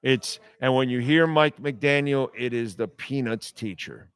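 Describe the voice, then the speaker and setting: Slow, blunt ranting sports radio host man. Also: medium pitch, clean tone, dry recording. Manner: blunt, heated, profane, repetitive jabs. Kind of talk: ranting sports talk monologue.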